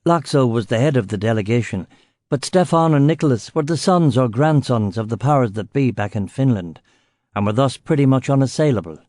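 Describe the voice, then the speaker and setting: Male crime audiobook narrator, first person, sardonic, mellow, dry close sound. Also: mid-range voice, expressive, a little fast, no echo.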